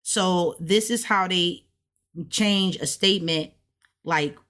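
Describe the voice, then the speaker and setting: A woman learning a language who casually walks through her study notes, chatty and relaxed, often checking in with "right?". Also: fairly low pitch, slow. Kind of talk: casual step-by-step explanation.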